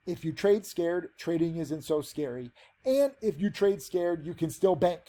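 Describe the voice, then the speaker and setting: A man's voice: on the high side, creaky, dark tone. A man teaching penny stock trading, giving a casual, rambling trade recap with many fillers.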